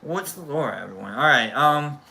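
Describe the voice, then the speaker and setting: Man, casual host, very bright tone, slightly high voice, rambling and jokey. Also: expressive, normal speed, gravelly. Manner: rambling, self-interrupting, jokey. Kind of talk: casual chat.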